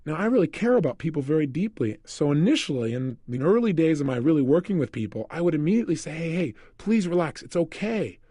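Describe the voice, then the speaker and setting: Male motivational speaker, quick and lively, acts out his stories. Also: a little high, slightly rough, dry recording, studio quality. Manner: animated storyteller, acts out scenes. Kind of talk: motivational seminar talk.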